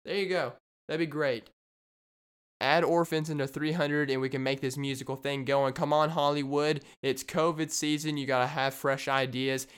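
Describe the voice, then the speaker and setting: Rambling jokey man with a smooth voice. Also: mid-range voice, level tone, moderate pace, few pauses, a bit bright. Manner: rambling, jokey, riffs on silly ideas. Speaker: podcast host. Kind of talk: solo comedic podcast monologue.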